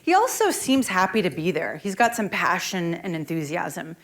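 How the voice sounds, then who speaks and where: A woman presentation coach leading a conference workshop, lively and speaking straight to the audience. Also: on the low side, moderate pace. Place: conference room.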